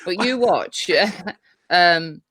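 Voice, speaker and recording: A woman's voice: on the low side, expressive, very slow, a bit bright, dry recording. A woman on a live online panel debate, talking insistently with lots of restarts and rambling asides.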